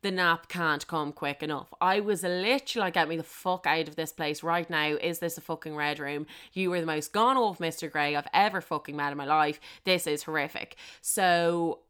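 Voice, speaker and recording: A woman's voice: sits low, normal speed, few pauses, clean tone. A young woman, hosting and telling a frank, sweary, comic story about her own love life. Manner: sweary, animated, laughs at herself.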